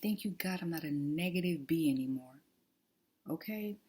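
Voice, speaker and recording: A woman's voice: low-pitched, animated, moderate pace, warm tone, slight background noise. A woman talking casually to her viewers in an emphatic, preachy way, often dropping to a whisper. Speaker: vlogger. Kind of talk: casual testimony chat.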